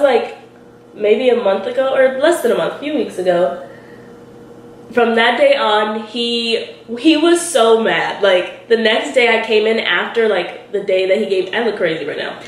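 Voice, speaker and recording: A young woman in her twenties telling a story while doing her makeup, animated and giggly, acting out what people said. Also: fairly high pitch. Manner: animated, quotes people in lively voices, giggly. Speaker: beauty vlogger. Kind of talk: chatty get-ready-with-me storytelling. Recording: roomy echo with faint hiss.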